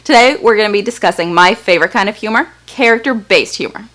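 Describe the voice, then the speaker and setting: A woman's voice: mid-range voice, fast, a bit bright. A woman from Texas hosting an upbeat, story-driven lesson on writing. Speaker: host. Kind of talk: explanatory video lesson.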